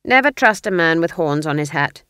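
A stern, intolerant old witch who speaks in clipped, flat, scornful phrases, as a woman puts her on. Her voice is low and forceful. Dry, close recording. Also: normal speed, clean tone, dry recording. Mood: cold scorn.

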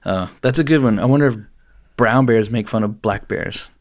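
A man hosting a podcast in casual chat, easygoing and quick to laugh, chiming in often. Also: medium pitch. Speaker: podcast host.

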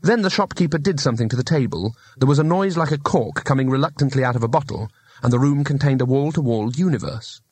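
A man's voice: mid-range voice, quick pace, darkish tone, slightly rough, no echo. A man narrating an audiobook with dry, wry storytelling.

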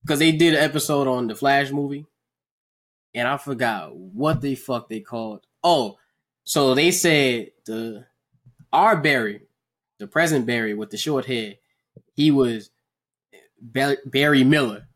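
A young man casually chatting on a podcast, animated and profane, acting out characters between laughs. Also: medium pitch, a little slow, pauses often. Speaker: podcast host.

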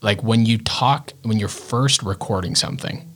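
Reflective young man, low voice. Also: moderate pace, a bit bright. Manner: reflective, explains ideas with frequent "like". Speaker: podcast co-host, son. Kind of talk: casual conversation.

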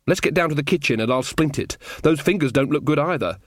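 A man voicing a flustered young queen, brisk and distracted, in a comic fantasy audiobook. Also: a little high, lively intonation, no room sound, studio quality, close to an everyday voice.

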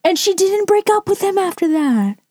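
A woman's voice: very high voice, very animated, moderate pace, darkish tone, no room sound, clean studio sound. A woman rating and reacting to stories in casual commentary, blunt and sarcastic with frequent swearing. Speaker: storytime reactor.

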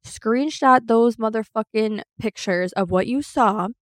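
A woman's voice: fairly high pitch, a little slow, no room sound. A young woman co-hosting a podcast, telling a story bluntly with lots of swearing and fillers. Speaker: podcast co-host. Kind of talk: casual podcast chat.

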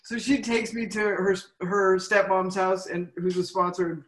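A woman's voice: mid-range voice, level tone, normal speed, reverberant, poor audio. A woman sharing her recovery story at a meeting, frank and self-mocking, often tagging on "right?".

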